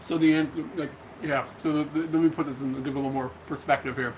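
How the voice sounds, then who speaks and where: A man's voice: a little high, fairly even intonation, fast, a little hiss or hum, low-quality recording. An American man co-hosting a casual livestream from home, laid-back, reading viewers' questions aloud and answering. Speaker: livestream co-host. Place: home room.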